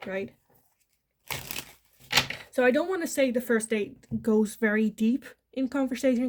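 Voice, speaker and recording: A woman's voice: medium pitch, a little mellow, slight background noise. A woman from the Netherlands, giving a chatty pick-a-card tarot reading. She laughs often and acts out the lines she imagines people saying. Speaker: tarot reader.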